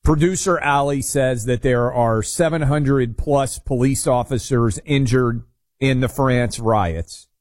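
A man's voice: mid-range voice, darkish tone, dry recording. A man co-hosting a talk radio show, chatting casually and wryly owning up to his own biases. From Nashville, USA. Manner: confessional, wry. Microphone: studio microphone.

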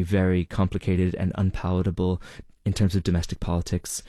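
A man answering interview questions as a reporter, measured and explanatory, with occasional fillers. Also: deep voice, warm tone, no echo, studio quality. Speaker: reporter guest.

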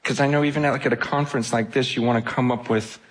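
A man's voice: mid-range voice, steady tone, fast. A man preaching an impassioned sermon at a conference, emotional and urgent, often repeating and restarting his phrases. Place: conference hall.

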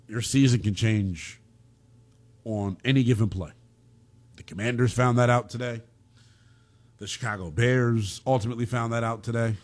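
A man co-hosting a casual football talk show, animated and joking between game recaps. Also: medium pitch. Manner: animated, bouncing between hype and jokes. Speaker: sports show co-host.

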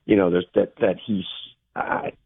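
A man calling in as a guest sports insider, giving analysis in a halting way and repeating words as he thinks. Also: sits low, steady tone, creaky, breathy edge, dry recording. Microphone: telephone. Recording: phone line.

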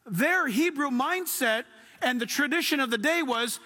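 Man preaching, really high voice, drawn out and emphatic, long echo like a big church. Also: animated, moderate pace, pushed and bright. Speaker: pastor. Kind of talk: sermon. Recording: long hall reverb.

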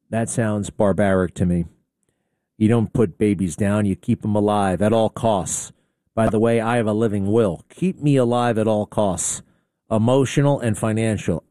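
A man's voice: medium pitch, darkish tone, no echo, clean studio sound. A man hosting a talk radio show, rambling through an opinionated monologue with sarcasm and indignation.

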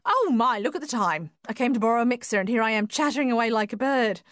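A woman reading the part of a talkative middle-aged farmer's wife who fusses brightly. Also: fairly high pitch, expressive, fast, no echo, clean studio sound. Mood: chatty.

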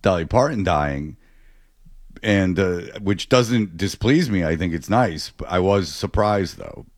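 A man's voice: low-pitched, a little slow, no room sound, studio quality. A man chatting casually as a co-host, rambling and interrupting himself. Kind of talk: casual chat.

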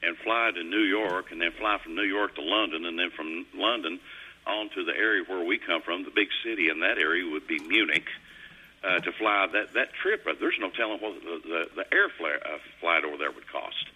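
A man's voice: sits low, a little fast, bright, forceful tone, breathy edge, rough recording. A middle-aged man, hosting a radio show in a folksy, rambling storytelling way. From Kentucky. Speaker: radio host. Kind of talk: casual on-air chat. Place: radio studio.

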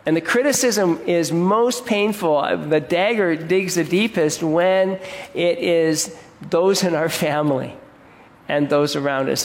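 A man preaching a sermon as pastor, earnest and conversational, often restarting his words. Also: on the high side. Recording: echoey hall.

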